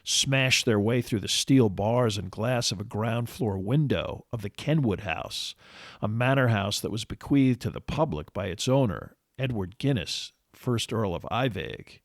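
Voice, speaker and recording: A man narrating a history podcast in a measured, steady scripted read. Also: fairly low pitch, dry recording, clean studio sound.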